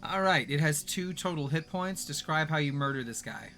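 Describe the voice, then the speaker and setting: A man's voice: a little high, moderate pace, heavy background noise. A man running a tabletop game as game master, narrating events vividly and laughing easily.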